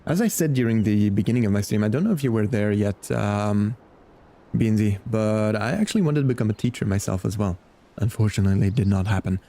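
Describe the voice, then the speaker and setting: A man's voice: lowish voice, animated, brisk, dark tone. A man streaming a game, chatting casually and rambling to his viewers. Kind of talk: casual gaming stream chat.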